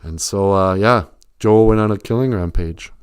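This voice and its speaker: A man's voice: lowish voice, moderate pace, smooth, no echo, clean studio sound. A man hosting a livestream, rambling through an improvised comic story. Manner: rambling, laughs at himself, reads chat comments. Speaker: comedic storyteller host. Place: home livestream.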